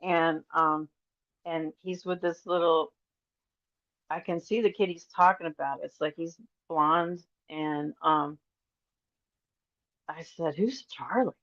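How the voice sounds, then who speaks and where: A middle-aged woman, a podcast guest, telling rambling, animated stories and acting out the voices of the people in them. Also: low-pitched, takes it slowly, pauses often, no room sound. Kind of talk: casual storytelling interview. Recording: dry, slightly dull audio.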